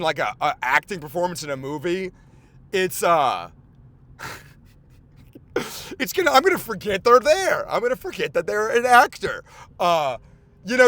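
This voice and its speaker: A man hosting a podcast, rambling in casual chat with lots of swearing, fillers and excitable outbursts. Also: sits high, no echo. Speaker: podcast host.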